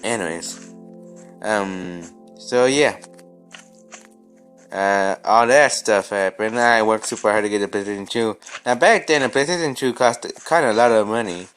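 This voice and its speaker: A man's voice: lowish voice, a little slow, fairly bright tone, clear, resonant tone, soft background music. A young man vlogging casually while playing a game, rambling with many restarts and stammers. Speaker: gaming vlogger.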